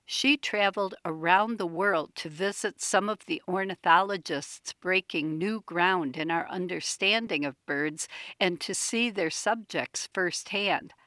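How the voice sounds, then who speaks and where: A woman in her sixties, a writer on birds, reading a personal essay in a chatty, wry way with lively asides. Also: on the low side, unhurried, dry recording. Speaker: bird writer.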